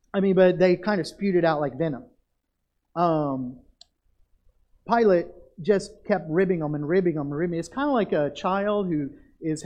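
A pastor preaching a sermon, addressing the congregation directly and drawing out key phrases for emphasis. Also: male voice, fairly high pitch, warm tone.

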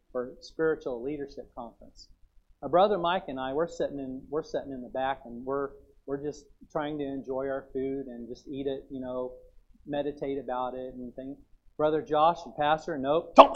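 A man preaches a folksy, story-driven sermon full of plain asides and Bible quotes, even acting out chewing sounds. His voice is a little high and a little mellow. The audio is dull.

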